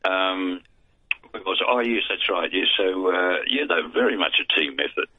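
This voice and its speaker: Here a deep, husky older Australian man speaks at a moderate pace, his speech gummy because he has no teeth. As a guest, a veteran broadcaster and voice artist, he rambles through anecdotes in a casual interview, poking fun at himself with dry humor. It comes over a tinny, dry phone line without echo.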